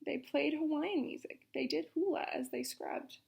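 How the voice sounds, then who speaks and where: A woman reading a picture book aloud for children's story time in an expressive, dramatic manner. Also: high-pitched, moderate pace, gravelly.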